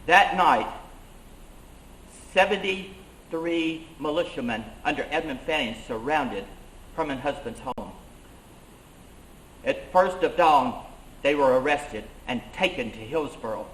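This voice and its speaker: A man's voice: fairly high pitch, expressive, takes it slowly, pauses often, a bit bright, slight background noise. A man playing an 18th-century colonial schoolmaster turned rebel leader, telling his story in first person with earnest emphasis. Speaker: living-history reenactor. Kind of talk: first-person historical reenactment monologue. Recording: roomy echo.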